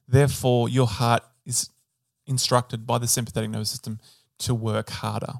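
A man's voice: medium pitch, normal speed, creaky. A man co-hosting an educational podcast, casually explaining heart physiology and hedging on details. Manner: relaxed explainer, hedges on details. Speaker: podcast co-host.

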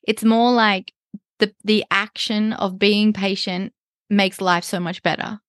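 A woman's voice: mid-range voice, steady tone, dry recording. A woman with a mid-range voice chats casually as a podcast co-host. She agrees readily and fills her talk with "like". Her voice sounds dry and close to the mic. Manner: chatty, quick to agree, frequent "like". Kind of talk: casual wellness chat.

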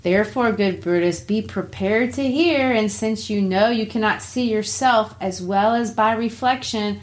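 A woman reading the part of Cassius, a scheming, persuasive Roman general, slow and deliberate in her verse reading. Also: mid-range voice, close to an everyday voice.

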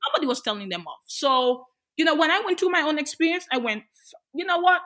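Her voice sits high and moves expressively, quick and pushed with a bright edge. She's a young adult activist for women's rights in Australia, giving an impassioned, emphatic interview full of rhetorical questions.

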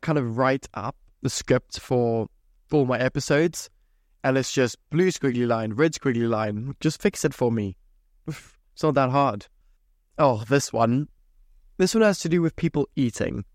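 Young man, podcast host, sweary exasperated rant, mid-pitched, dry close mic. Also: no echo. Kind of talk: solo casual podcast rant.

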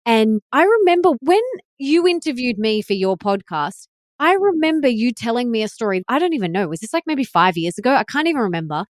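A woman's voice: on the high side, sing-song, brisk, dry recording, studio quality. A woman hosting a podcast in casual conversation, enthusiastic and affirming. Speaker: podcast host.

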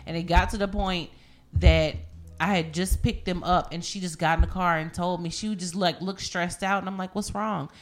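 A woman in casual chat, telling stories with heavy profanity and animated, rising outbursts. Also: lowish voice, moderate pace, soft background music.

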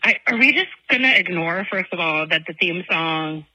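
A woman's voice: lowish voice, lively intonation, moderate pace, sharp tone, no echo. A chatty woman leaving a gushing voicemail while pumping breast milk, recorded over a phone line. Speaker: caller.

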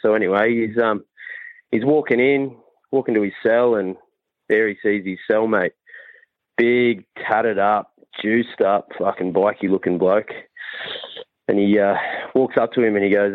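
A man's voice: fairly low pitch, steady tone, moderate pace, no echo. An Australian man telling a sweary joke as a caller. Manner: storytelling, sweary. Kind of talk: joke told on a voicemail. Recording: tinny dry phone line.

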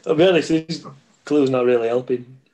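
A man takes part in a casual quiz, answering with wry jokes and throwaway guesses. His voice sits at an ordinary male pitch. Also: brisk, dark tone. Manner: wry, joking. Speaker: quiz contestant. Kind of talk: casual banter.

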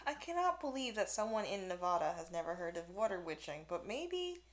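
A woman's voice: mid-range voice, sing-song, a little fast. A woman co-hosting a podcast in casual chat, talkative, laughing often and swearing freely. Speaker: podcast co-host. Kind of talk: casual chat recapping a show.

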